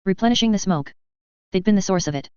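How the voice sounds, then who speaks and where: A woman narrating a novel in the first person, with steady, tense storytelling. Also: mid-range voice, quick pace, clean tone, dry recording. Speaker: audiobook narrator. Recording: slightly dull, dry close recording.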